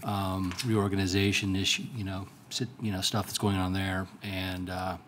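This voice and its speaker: A man on a city council giving a casual, halting update at a meeting, with many fillers. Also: low-pitched, little pitch movement, fairly bright tone, a little hiss or hum. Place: council chambers.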